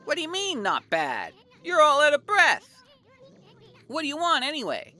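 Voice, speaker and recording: A woman voicing a tiny, hot-tempered male artist, reading game lines loud, mocking and indignant. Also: sits high, wildly swooping pitch, normal speed, pitched above the performer's own voice, full character voice. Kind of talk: reading game dialogue aloud on stream.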